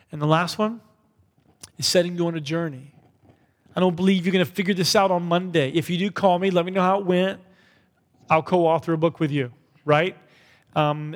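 Conversational male pastor in a reverberant hall. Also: a little high. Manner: conversational, often adding "right?" and "like". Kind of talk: sermon. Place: church hall.

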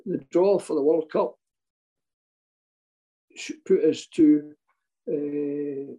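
An older Scottish man, a former football manager, tells rambling anecdotes, chuckling, restarting, and acting out voices in quotes. His voice is on the high side and mellow with drawn-out words, on a rough recording.

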